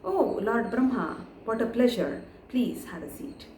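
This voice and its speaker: A woman voicing a relaxed, friendly male god who speaks in an easygoing way and stands his ground when challenged. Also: on the high side, unhurried, echoey room, a little hiss or hum. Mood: welcoming. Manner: easygoing, later firm and defiant.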